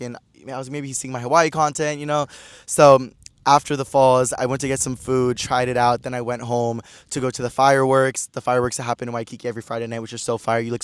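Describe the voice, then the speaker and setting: A man telling a casual storytime vlog, chatty and animated, acting out other people's lines in a higher voice. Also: smooth, no room sound. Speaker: vlogger.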